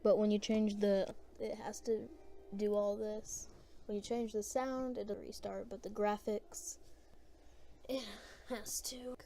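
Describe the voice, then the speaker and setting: Slow, mellow woman narrating gameplay. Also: medium pitch, level tone, gravelly, slight background noise. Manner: rambling, hesitant, thinking aloud. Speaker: gameplay commentator. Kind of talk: casual gameplay commentary.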